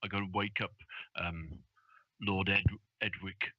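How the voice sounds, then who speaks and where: A man playing in a tabletop game, describing his character's actions in halting bursts. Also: sits low, level tone, a little hiss or hum. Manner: halting, hesitant. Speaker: player. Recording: dry dull lo-fi audio.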